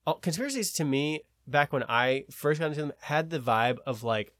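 A man's voice: fairly high pitch, expressive, normal speed, a bit bright, no room sound. A man co-hosting a podcast, rambling and searching for words in casual chat. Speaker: podcast co-host.

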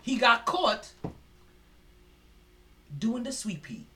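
A man's voice: very high voice, big pitch swings, very slow. A man hosting a casual sports podcast, laughing often and rambling through fight talk with lots of restarts. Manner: laughs a lot, does loud mock voices, rambles with restarts. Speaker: podcast host.

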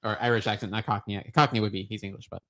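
A young man chats casually as a podcast co-host, his voice sitting a little low. He rambles through his points with plenty of filler words. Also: fairly even intonation, racing, fairly bright tone. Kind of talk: casual chat.

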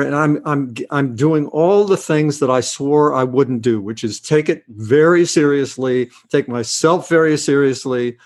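An older actor, a guest on an interview, tells a relaxed, long anecdote in a medium-pitched voice at a moderate pace with hardly any pauses. He often hesitates, restarts phrases, and says "uh," gently mocking himself.

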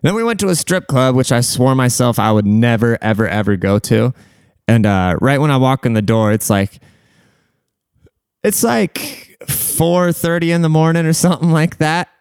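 This young man has a mid-range, resonant voice at a normal pace, captured in a clean studio with no room sound. He tells stories casually, crudely and profanely, rambling along with plenty of fillers.

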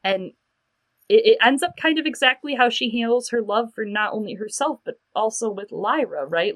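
A woman co-hosting a podcast in casual chat, animated and acting out quoted lines. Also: on the high side, moderate pace, no echo. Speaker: podcast co-host.

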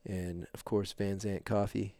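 A middle-aged man hosting a podcast, telling a long story in a rambling, animated way with lots of fillers. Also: lowish voice, unhurried, no room sound. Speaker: podcast host. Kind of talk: casual storytelling chat.

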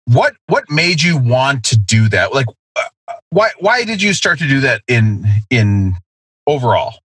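Man, podcast host, middle-aged, casual profane chat, lively pitch, raspy, dry sound. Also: unhurried, no room sound. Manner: profane, animated, laughing.

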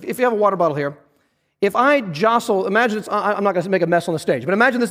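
A man preaching a sermon as pastor, earnest and emphatic, slowing down to stress key phrases. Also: high-pitched, a bit bright, long reverb tail. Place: church sanctuary on a stage.

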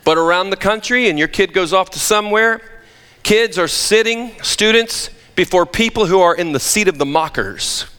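A man's voice: high-pitched, moderate pace, pushed and bright, clear, resonant tone. A man preaching a sermon as pastor, emphatic with joking asides, in a church sanctuary. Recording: long reverb of a large hall.

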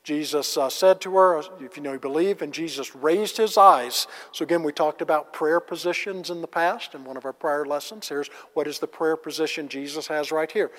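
A man's voice: a little high, normal speed, hardly any pauses, a bit bright. A man teaching a conversational Bible lesson, casual and asking the class rhetorical questions. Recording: long reverb of a large hall.

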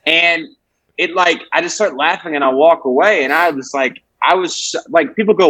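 A young man with a drawl spins a crude, lively comedy story, his voice a touch husky and sitting slightly high. The sound is close and dry, with no room around it. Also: normal speed, no room sound, low-quality recording. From Alabama, USA. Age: 20s. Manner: animated, profane storytelling with acted-out quotes. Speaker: comedian guest. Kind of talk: casual podcast chat.

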